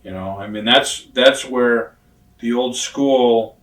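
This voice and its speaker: An older man in his sixties tells stories in a casual interview, blunt and profane, and acts out the other people's lines as he goes. His voice sits at an ordinary mid pitch. The room sounds roomy and the mic is set some way off from him. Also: takes it slowly, fairly bright tone, recorded from a distance. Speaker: retired pro wrestler telling stories. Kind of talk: casual shoot interview storytelling.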